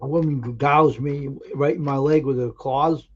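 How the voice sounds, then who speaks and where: A man with a dark, mellow voice tells stories on a live stream, earnest and emphatic, often pausing and restarting his sentences. The audio is dull and lo-fi. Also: medium pitch, fairly even intonation. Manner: earnest, emphatic anecdote-telling with halting restarts. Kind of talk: casual storytelling on a live stream.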